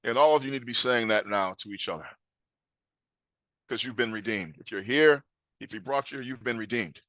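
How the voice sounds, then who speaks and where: A man's voice: mid-range voice, moderate pace, pushed and bright, dry recording. Emphatic man teaching scripture. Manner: emphatic, questions the class. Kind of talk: scripture class.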